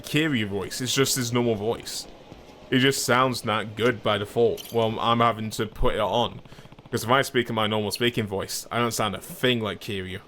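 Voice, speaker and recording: A man's voice: medium pitch, a bit bright, slight background noise. A man giving casual let's-play commentary as a gaming streamer, chatty and self-deprecating.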